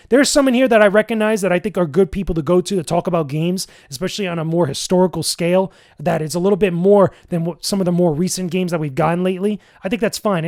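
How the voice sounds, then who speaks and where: Exasperated man ranting on his podcast. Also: high voice. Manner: exasperated, incredulous, rising to loud outbursts; casual slangy talk with many fillers. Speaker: podcast host. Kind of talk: solo podcast rant.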